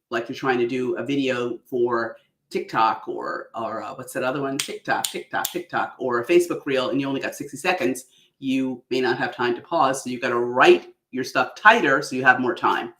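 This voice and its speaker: A woman coaching on public speaking in an animated, exaggerated way that is broken up by frequent laughs. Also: very deep voice, roomy sound. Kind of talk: online workshop talk.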